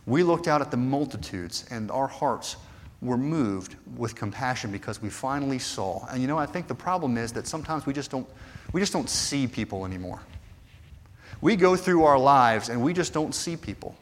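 Man, preacher, sermon, earnest, hushed to fervent, mid-pitched, long hall echo. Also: animated, normal speed.

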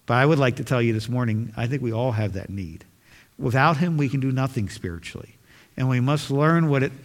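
A man's voice: medium pitch, big-room sound. A man preaching a sermon, earnest and pleading, building to emphatic questions.

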